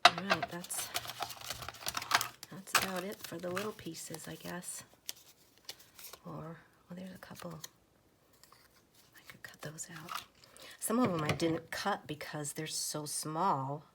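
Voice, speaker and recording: A woman softly murmuring to herself as she arranges stamps and paper pieces in a journal, often slipping into a whisper. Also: lowish voice, steady tone, slow, creaky, long pauses, background noise. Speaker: journal crafter. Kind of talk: soft-spoken crafting chat.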